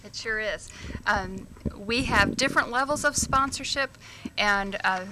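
A woman guest on a radio show reading out a list in a steady, matter-of-fact way. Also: mid-range voice, unhurried, noisy background.

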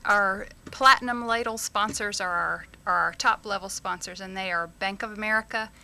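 A woman guest on a radio show reading out a list in a steady, matter-of-fact way. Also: mid-range voice, moderate pace, vocal fry.

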